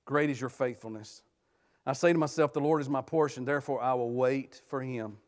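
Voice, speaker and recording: A man, a guest preacher, delivering a conversational sermon in a church, telling family stories and swinging between quiet, talky passages and sudden loud rises. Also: mid-range voice, a little fast. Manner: tells personal family stories, laughs often. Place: church sanctuary.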